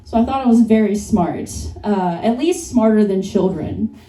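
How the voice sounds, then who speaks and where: A woman's voice: mid-range voice, moderate pace, warm tone. A young woman doing a stand-up comedy set, self-deprecating and often laughing at her own jokes. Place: comedy bar stage. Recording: echoey club sound from a distance.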